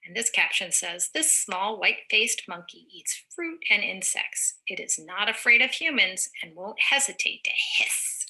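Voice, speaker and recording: Creaky, bright-voiced woman reading to kids. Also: mid-range voice, animated. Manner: slow, encouraging, explains words simply. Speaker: teacher reading aloud to children. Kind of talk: read-aloud lesson for young children.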